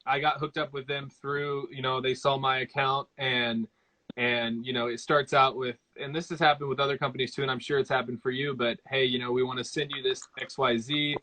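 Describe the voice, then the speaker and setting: A man's voice: medium pitch, little pitch movement, a little fast, bright, forceful tone, rough recording. A man hosting a casual live interview in an easygoing way, with many fillers. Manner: easygoing, lots of "you know" and "um". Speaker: host.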